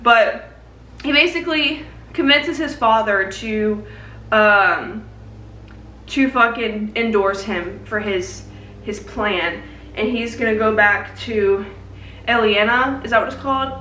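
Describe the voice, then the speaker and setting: A woman's voice: fairly high pitch, slow, bright, forceful tone, echoey room, recorded from a distance, slight background noise, rough recording. A young woman casually recapping a book she read, rambling with lots of "like" and plenty of swearing. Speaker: book vlogger.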